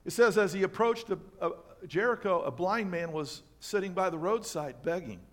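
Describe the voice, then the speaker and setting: A male pastor with a notably high voice delivers a sermon in a church. He preaches with animated swings between loud, emphatic lines and quiet asides. He keeps asking the congregation rhetorical questions. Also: moderate pace. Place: church sanctuary.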